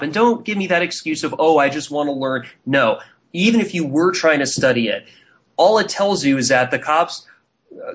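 A man's voice: mid-range voice, fairly bright tone. Indignant man hosting talk radio. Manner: indignant, fast rambling with many fillers. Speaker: radio show host.

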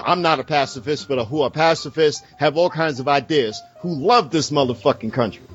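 Fired-up man going off, swearing nonstop, kinda high voice, muffled sound w/ faint music behind. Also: fairly bright tone, breathy edge. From United States. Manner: profane, impassioned, ranting. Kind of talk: heated political rant.

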